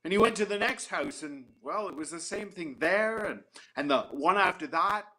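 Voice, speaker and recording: Animated man telling a folktale. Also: high voice, normal speed. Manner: animated, warm-hearted, with frequent restarts. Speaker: storyteller.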